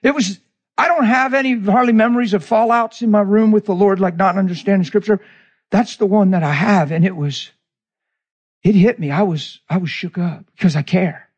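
A man, a pastor, preaching with animated, emotional storytelling that swings between hushed asides and near-cries. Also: high voice, normal speed, husky, muffled recording.

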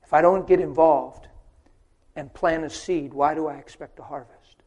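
Emphatic preacher man, loud then hushed. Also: on the high side, fairly even intonation, moderate pace. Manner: swings from loud emphatic preaching to hushed, near-whispered storytelling; asks the crowd rhetorical questions. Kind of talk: sermon.

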